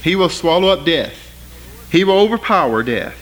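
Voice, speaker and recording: A man preaching a sermon, reading scripture with rising force and then explaining it in plain, halting talk. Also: sing-song, a bit bright, low-quality recording. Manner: rises in pitch and volume reading scripture aloud; plain spoken, with fillers and restarts between readings.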